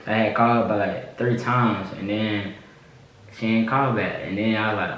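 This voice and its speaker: At a moderate pace and fairly low pitch, a young male vlogger recounts a story in an easygoing way, repeating himself, restarting, and using lots of fillers. The echoey room, distant mic, and faint noise shape the sound.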